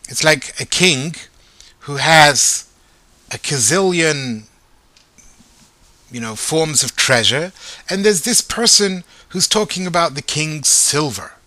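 A man teaching Torah in a lively way, asking his listeners rhetorical questions. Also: fairly high pitch, slow pace, pauses often, no echo. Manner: animated, asks rhetorical questions.

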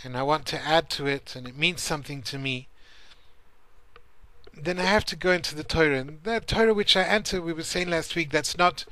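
A man's voice: on the high side, bright, forceful tone, dry recording. A man teaching a Torah class in an earnest, searching way, often restarting his sentences as he tells stories. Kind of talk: spoken Torah class with storytelling.

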